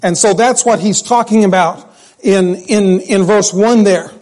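A man's voice: high voice, unhurried, a little mellow. A middle-aged man, a pastor, preaching a sermon in a conversational, joking way that repeats phrases.

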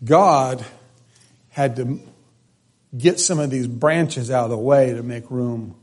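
A man preaches an expository sermon at a slow pace in a mid-range voice. He reads scripture aloud, then stresses and repeats key phrases, thinking aloud with restarts and asides.

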